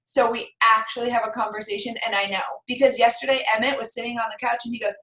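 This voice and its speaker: A woman in her thirties talks casually on a group call, with a bright, fairly high voice. She tells her stories with animated, quoted back-and-forth. The sound carries a noticeable room echo. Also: fast. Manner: chatty, animated storytelling with acted quotes. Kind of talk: casual chat.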